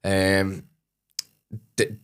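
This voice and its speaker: A man from Liverpool speaks with a Scouse accent he has toned down, his voice sitting a little low. He tells stories in a loose chat, swearing freely and acting out other people's voices. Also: extremely slow, clear, resonant tone. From Liverpool, England. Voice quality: animated, swears a lot, acts out voices. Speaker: comedian guest. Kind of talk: casual podcast chat, storytelling.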